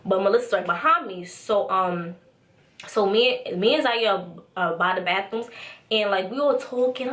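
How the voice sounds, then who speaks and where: A young adult woman vlogger telling a casual story-time tale, chatty and animated, with lots of "like" and "so". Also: mid-range voice, moderate pace. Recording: roomy echo.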